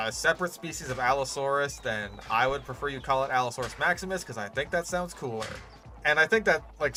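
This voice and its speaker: Male gaming YouTuber, slightly high and bright, profane ranting commentary with a sarcastic edge. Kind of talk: casual ranting commentary while building a park in a game.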